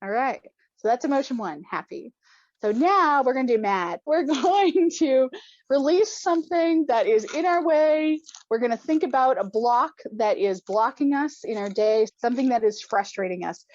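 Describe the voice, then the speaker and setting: High-voiced playful woman coaching an exercise. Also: expressive, moderate pace, no room sound, lo-fi sound. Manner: playful and encouraging, laughs often, bursts into loud cheers and shouts. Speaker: coach leading a stress-release exercise. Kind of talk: guided group exercise instruction.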